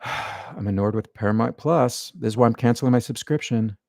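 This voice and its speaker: A man's voice: medium pitch, a little fast, creaky, a little mellow, no echo, clean studio sound. A man hosting a live stream from his living room, grumbling with irritation as he talks to himself and his viewers. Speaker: livestream host. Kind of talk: live-stream reaction chat.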